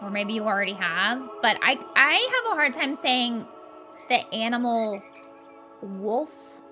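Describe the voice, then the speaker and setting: A woman's voice: on the high side, sing-song, moderate pace, bright, forceful tone, faint music behind. A young woman chatting casually and playfully as she plays a game on a live stream, laughing often.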